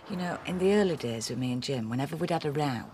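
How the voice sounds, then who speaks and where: Confiding woman, fast talker, faint ambience. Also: sits low, animated, a little mellow, a little hiss or hum. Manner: dreamy, confiding, quick. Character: woman reuniting with her ex-husband.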